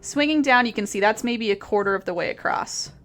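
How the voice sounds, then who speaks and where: A woman's voice: on the high side, fairly quick, fairly bright tone, soft background music. A woman teaching painting on a live stream, chatty and laughing often as she answers her chat.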